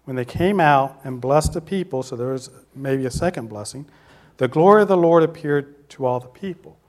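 A man preaching a sermon, posing questions to his listeners, answering them himself and slowing down to stress key words. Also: mid-range voice.

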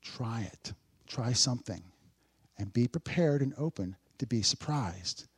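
Preaching in a conversational style, this male pastor uses dry sarcasm and alternates between loud emphasis and quiet asides. His medium-pitched voice is animated and has a breathy edge, and he keeps a measured pace.

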